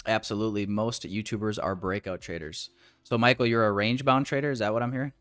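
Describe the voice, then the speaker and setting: A man's voice: on the low side, steady tone, fast talker, a bit bright, faint music behind. A man streaming live while day trading, bantering with his chat in a joking, profane, casual way.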